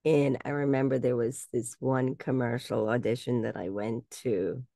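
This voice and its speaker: A woman's voice: a bass voice, fairly even intonation, normal speed, gravelly, dark tone, no echo, studio quality. An older woman, a voice actress, telling stories in a casual interview, laughing often and mimicking other voices. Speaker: guest speaker and voice actress.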